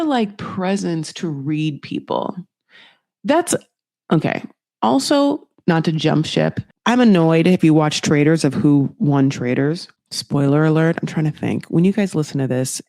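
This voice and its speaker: A woman's voice: low-pitched, gravelly, no room sound, clean studio sound. A young woman hosting a podcast, recapping a reality show in casual chat and acting out quotes in mocking voices, often swearing. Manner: animated, profane, acts out quotes in shifting voices.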